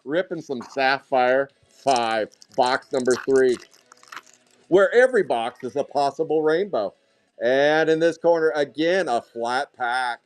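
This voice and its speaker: A man hosting a live card break, calling out hits in a hyped, rapid, joking way while out of breath. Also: medium pitch, lively intonation.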